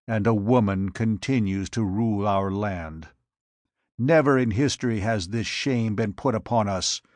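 A man voicing a giant usurper warrior, defiant and mocking, in a gruff, taunting tone for an audiobook. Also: fairly low pitch, a little slow, darkish tone, no echo, studio quality, close to an everyday voice. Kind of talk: audiobook narration.

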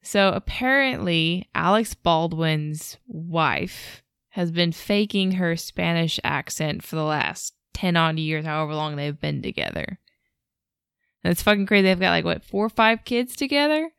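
Chatty woman with a smooth voice. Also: fairly low pitch, animated, a little slow, a bit bright, no room sound, studio quality. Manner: chatty storyteller, laughs often, many fillers. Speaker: podcast co-host. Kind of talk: casual podcast chat.

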